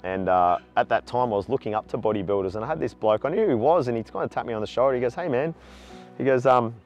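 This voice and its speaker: Racing along in a mid-range voice over faint background music, this Australian man in his forties talks openly in an interview about his own experiences. A chatty charity walker, he livens up whenever he retells a story.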